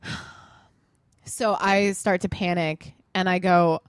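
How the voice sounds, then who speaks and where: A woman co-hosting a podcast, telling stories in casual chat with animated delivery, frequent swearing and laughter. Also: fairly low pitch, takes it slowly, clean tone, no room sound, studio quality. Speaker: podcast co-host.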